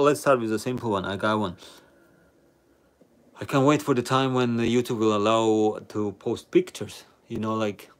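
Slow-talking, laid-back male streamer. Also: medium pitch. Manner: relaxed, chatty, reading out viewer comments. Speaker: live stream host. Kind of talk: casual live chat with viewers.

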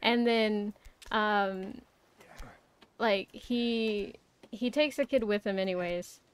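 A woman's voice: mid-range voice, takes it slowly, clean tone. A young woman streaming a game, chatting casually, rambling and swearing with lots of fillers. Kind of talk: casual live-stream chat.

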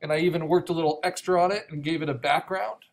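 Man lecturing, raspy from a cough. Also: on the high side, fast talker. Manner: explanatory, with frequent restarts and "right?" checks. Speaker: art instructor. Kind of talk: recorded online course lecture.

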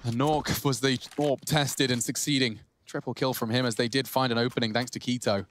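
A man commentating live esports play-by-play, chatty and excitable, lifting his voice on big plays. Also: medium pitch, a little fast. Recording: clear background clicking noise.

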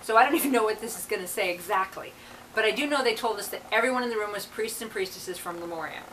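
A woman's voice: mid-range voice, quick pace, sharp tone, recorded from a distance, a little hiss or hum, low-quality recording. A woman reverend in casual, rambling talk with many asides, reading aloud from channeled texts.

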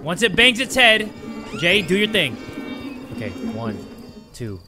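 A young man giving excited gameplay commentary, swearing often and talking to his viewers, swinging between hyped yelling and muttered counting. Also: sits high, unhurried, music in the background. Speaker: gaming YouTuber.

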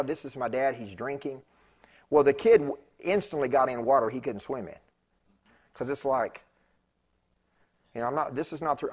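A husky-voiced preacher with a drawl tells a story from the pulpit. His voice sits at an ordinary male pitch, and he moves between loud, lively bursts and quiet, hushed stretches. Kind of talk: sermon storytelling.

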